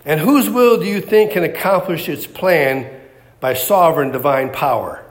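Man, preacher, sermon, emphatic, repeats lines, rhetorical questions, somewhat high voice. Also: lively intonation, normal speed.

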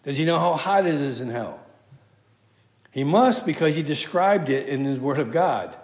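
A man's voice: fairly high pitch, lively intonation, normal speed. A man giving a conversational sermon, quoting scripture and often restarting his sentences. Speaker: preacher. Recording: echoey hall with long reverb.

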